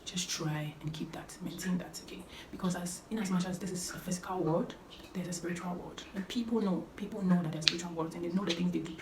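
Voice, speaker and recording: A young woman gives earnest, emphatic advice to her viewers, repeating her key points. Her voice sits a little low. The room is roomy and echoey, with a faint hum of noise behind her. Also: steady tone, fast talker. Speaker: vlogger giving life advice. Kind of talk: casual talking-to-camera advice.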